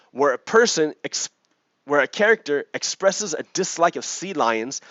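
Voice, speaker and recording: A man hosting a casual commentary vlog, talking in an animated way and often checking in with "right?". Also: on the high side, no room sound, highs cut off. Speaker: vlog host.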